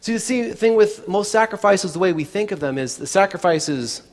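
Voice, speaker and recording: A man's voice: high voice, lively intonation, normal speed, long reverb tail. A man preaching a sermon in a chatty way, with many restarts and asides to the congregation. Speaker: pastor.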